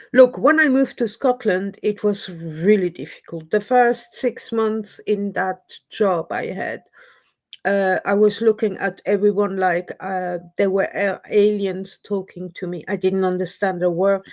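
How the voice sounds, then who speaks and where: A woman hosting a casual live stream chat, rambling and self-deprecating as she talks. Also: medium pitch. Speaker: livestream host. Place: lives in Scotland.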